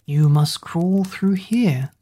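Woman doing a sneaky whispery snake guy, slow and scheming, dark breathy voice. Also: on the low side. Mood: coaxing. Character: sly wicked male snake, hissing whisperer.

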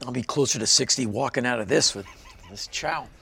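A man's voice: medium pitch, brisk, creaky, bright, forceful tone, husky. A man in his fifties from Washington, D.C., a guest in a casual interview, telling stories with animation and acting out other people's lines. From Washington, D.C., USA. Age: 50s.

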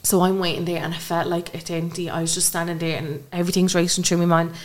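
A young Irish woman with a fairly low voice tells a hard personal story as a podcast guest. She speaks at a rapid clip, breathless and racing, slipping in what others said to her along the way. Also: level tone. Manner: rapid, breathless retelling with reported speech.

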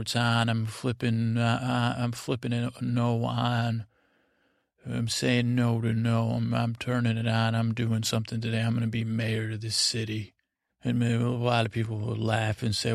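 A man hosting a podcast, telling a meandering bedtime story in a halting, drowsy way. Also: mid-range voice, creaky, dry recording, clean studio sound. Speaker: podcast host. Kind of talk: rambling bedtime story narration.

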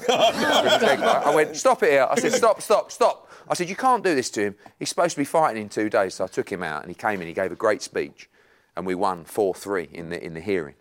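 A man's voice: deep voice, fast. A man in his forties, a boxing promoter, telling anecdotes in casual chat and acting out the people in them. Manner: animated anecdote telling, acting out others' lines.

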